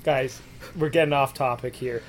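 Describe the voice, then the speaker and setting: A man's voice: mid-range voice, fairly even intonation, normal speed, slight background noise. A man co-hosting a casual podcast, steering the talk and thanking listeners. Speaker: podcast co-host.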